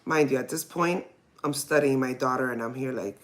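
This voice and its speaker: A woman's voice: a bass voice, a little fast. A mother hosting her own podcast, telling a personal story in a candid, rambling way and laughing when nervous.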